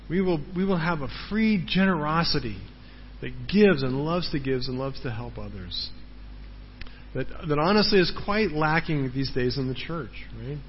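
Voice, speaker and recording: A man's voice: fairly high pitch, slight background noise. A man preaching a sermon as a pastor, earnest, repeating words for emphasis and often checking in with the congregation. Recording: dull sound in a large reverberant hall.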